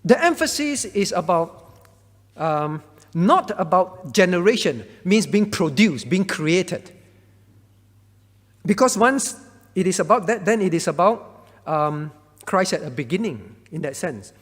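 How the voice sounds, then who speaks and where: A man's voice: high voice, very animated, measured pace, pauses often, big-room sound. A man, a pastor, explaining a Bible question to a congregation, often checking in with "all right?". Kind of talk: Bible Q&A teaching.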